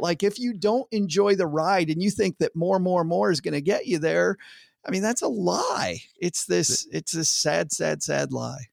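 A man with a fairly high, gravelly voice tells stories with lively energy in casual podcast chat. The sound is close and dry. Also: moderate pace, no room sound. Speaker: former financial planner, podcast co-host.

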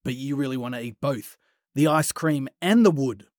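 A man retelling a Bible story for children in a playful, animated way, with sudden hushed pauses. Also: medium pitch, dry recording, studio quality.

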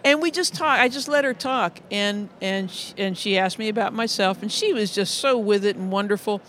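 A middle-aged man with a notably high-pitched speaking voice, talking as a music educator in an interview. He tells stories earnestly, often restarting and repeating words. Faint noise hums behind him. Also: moderate pace, pushed and bright. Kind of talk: conversational interview storytelling.

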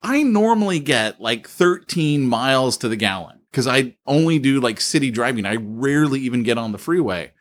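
Over a remote call, a podcast co-host with a mid-range voice chats and tells stories, laughing frequently. He's very animated, speaks at normal speed and hardly pauses.

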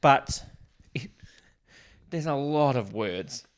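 A man co-hosting a relaxed podcast about an old movie. He talks in an animated, chatty way and tosses off quick jokey asides. His pitch sits in an ordinary middle range for a man. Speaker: podcast co-host. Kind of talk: casual film discussion chat.

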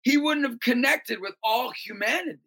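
His voice gravelly and husky at a normal speed, a youth ministry leader and basketball coach gives an energetic interview. He tells stories, often bursting into shouts or high, squeaky voices.

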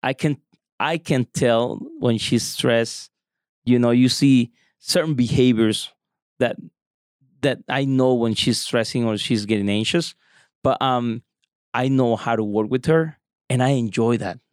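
A middle-aged man talks earnestly about marriage, steady and sincere. His pitch sits in the middle range. The recording is dry and close. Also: a little slow, dry recording. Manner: earnest, advice-giving. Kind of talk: casual chat.

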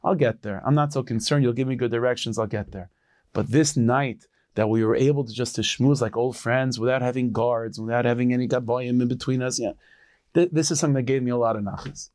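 A man doing a gentle, humbled king. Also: mid-range voice, steady tone, brisk, no room sound, studio quality, natural voice. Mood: confiding.

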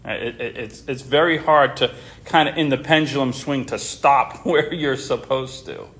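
A male Bible class teacher talking in an informal way to his class. His speech is halting, full of restarts and repeated words. His voice sits at a middling pitch for a man. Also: fairly even intonation, fairly bright tone.

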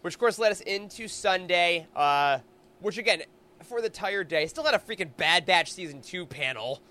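A man's voice: high voice, animated, sharp tone. A man co-hosting a podcast, recapping a fan convention in an enthusiastic, gushing casual chat. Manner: enthusiastic, gushing, quick asides. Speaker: podcast co-host.

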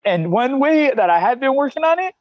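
Guest, man, thirties, high and dry, blunt street talker who cusses freely. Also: big pitch swings, a little fast, no room sound, dull audio. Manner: candid, streetwise slang, frequent cussing. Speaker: CrossFit coach, guest. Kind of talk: casual interview talk.

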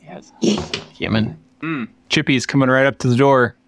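A man's voice: mid-range voice, normal speed, dry recording. A man co-hosting a podcast in casual chat, rambling with lots of fillers and restarts. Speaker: podcast co-host. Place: workshop.

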